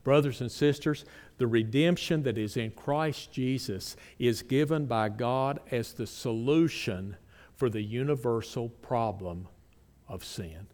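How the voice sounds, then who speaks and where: Slow emphatic preacher in a reverberant hall. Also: male voice, mid-range voice, darkish tone. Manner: emphatic, reads scripture aloud, pointed questions to the congregation. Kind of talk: sermon.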